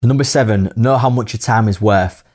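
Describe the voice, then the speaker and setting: A man's voice: medium pitch, normal speed, darkish tone. A man with a Hull accent, co-hosting a podcast in casual chat and working through a numbered list of tips. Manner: laughs easily, lists points in turn. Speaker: podcast co-host.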